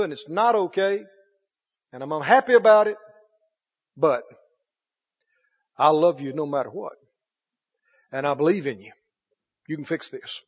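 A male preacher giving a sermon, emphatic and swinging between loud and hushed. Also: a little high, slightly rough. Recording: dull echoey hall recording.

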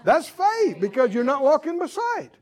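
A man preaching a sermon, animated and acting out Bible figures with chuckles. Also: very high voice, normal speed.

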